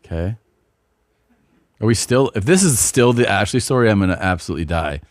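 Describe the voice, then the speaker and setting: A man's voice: lowish voice, expressive, fairly quick, no room sound. A man co-hosting a podcast with dry, incredulous commentary and casual chat. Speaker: podcast host.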